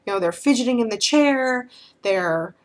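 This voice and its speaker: A woman's voice: on the high side, animated, moderate pace. Frank, rambling woman vlogger. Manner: rambling, frank, with frequent filler phrases. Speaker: vlogger answering questions. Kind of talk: casual talk to camera.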